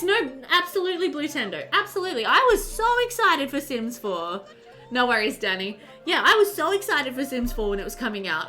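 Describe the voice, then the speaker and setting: A woman chatting casually on a live stream while she plays a game, excitable and full of fillers, answering her chat as she goes. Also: sits high.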